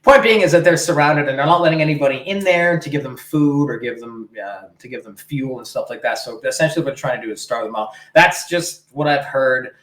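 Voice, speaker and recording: A man's voice: medium pitch, fairly quick, few pauses, a bit bright, roomy sound, low-quality recording. A man from Canada co-hosting a casual political podcast, rambling and emphatic, swearing freely. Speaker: podcast co-host.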